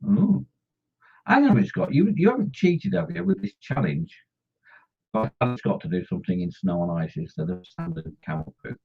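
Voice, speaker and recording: A man's voice: a little high, very animated, normal speed, creaky, breathy edge. A middle-aged man hosting a model-painting live stream, joking and teasing viewers as he reads the chat. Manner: jokey and teasing, chatty banter with viewers. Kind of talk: casual live-stream chat, reading out comments. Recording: dull lo-fi stream audio.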